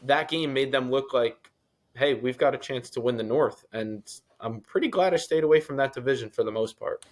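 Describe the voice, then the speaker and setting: A man's voice: mid-range voice, moderate pace. A man with a New York accent co-hosting a sports podcast, giving blunt, opinionated takes in casual chat. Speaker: podcast co-host.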